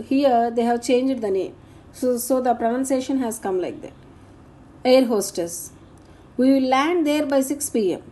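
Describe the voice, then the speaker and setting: A woman, speaking as a teacher. She goes through grammar exercises in a slow, deliberate dictation, naming each answer and punctuation mark. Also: sits high, dark tone.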